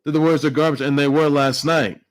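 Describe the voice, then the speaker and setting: A man's voice: on the high side, flat delivery, fast. A man doing a casual sports vlog, trash-talking and repeating himself with lots of filler words. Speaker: sports vlogger.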